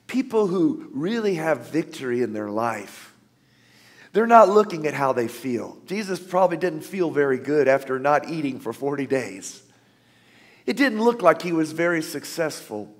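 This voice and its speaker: A pastor delivers his sermon in a somewhat high voice, pressing his points with force and then easing into quiet asides. His words ring out with a long hall reverb. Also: expressive, normal speed. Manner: emphatic preacher, swings between loud declarations and soft asides. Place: church sanctuary.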